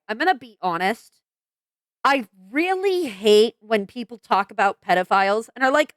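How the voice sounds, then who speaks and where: A woman's voice: a little high, expressive, normal speed, smooth, dry recording. Woman, vlog vent, exasperated, swears, lots of ums, dry close mic. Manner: frank and exasperated, swears, many fillers and restarts. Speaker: vlogger. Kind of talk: venting commentary vlog.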